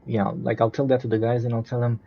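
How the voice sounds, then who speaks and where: Gravelly, husky man on a dull mic. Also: mid-range voice, flat delivery, quick pace. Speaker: player. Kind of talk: casual tabletop chat.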